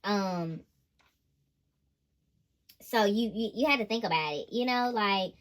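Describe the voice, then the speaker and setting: A woman giving a tarot reading, talking in an animated, emphatic, slangy way and laughing often. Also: medium pitch, slow. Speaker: intuitive tarot reader.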